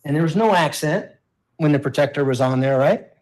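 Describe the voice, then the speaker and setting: A man's voice: on the high side, brisk, darkish tone. A man cross-examining a witness in court as prosecutor, asking pointed, pressing questions.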